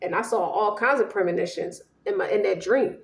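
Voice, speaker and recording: A woman's voice: mid-range voice, brisk, roomy sound. A woman giving a casual tarot reading in a blunt, profane way, voicing both partners in turn. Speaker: tarot reader.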